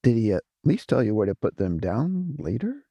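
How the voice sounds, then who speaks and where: A man voicing Trezor, a resentful younger brother who is a vast cosmic being, in an audiobook; prying, jealous and quick to anger. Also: mid-range voice, very animated, warm tone, breathy edge, dry recording. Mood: probing. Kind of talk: audiobook character voice.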